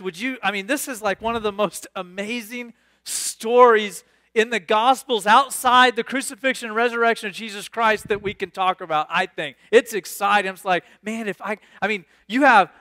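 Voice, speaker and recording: A man preaching a sermon, reading scripture aloud and riffing on it with animated, excitable asides. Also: high-pitched. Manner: animated, reads scripture then riffs with sudden bursts of excitement. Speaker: pastor.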